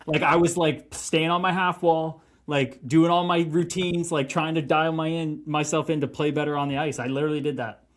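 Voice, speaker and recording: A man, a former pro hockey player, telling profane, animated stories as a guest in casual podcast chat. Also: a little high, moderate pace, few pauses.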